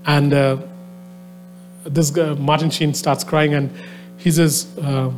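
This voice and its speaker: A man with a somewhat high voice delivers a sermon, starting out relaxed and full of little "uh"s as he tells a story. His delivery then swells into earnest, emphatic urging. Faint music sits low behind him. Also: a little slow. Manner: conversational storytelling with many fillers, rising to fervent exhortation. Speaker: preacher. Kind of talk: sermon to a live audience. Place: venue with a soundboard.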